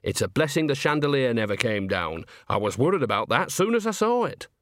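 A man's voice: mid-range voice, big pitch swings, brisk, fairly bright tone, no echo, studio quality. A man voicing a cheerful, earthy old woman witch who talks in a rambling, folksy, sly way. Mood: chatty. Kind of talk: audiobook character voice.

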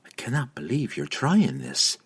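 A doubtful young woman questions her partner in a husky, lightly raised voice, as a male narrator puts her on. Her pitch moves expressively. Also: huge pitch swings, moderate pace, a bit bright, exaggerated voice. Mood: skeptical. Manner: skeptical, worried.

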